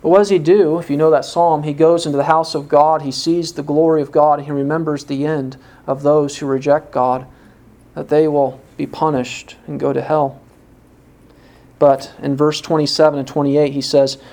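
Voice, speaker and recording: A man's voice: fairly high pitch, normal speed, a little mellow. Earnest man preaching a sermon. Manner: earnest, rhetorical questions, storytelling.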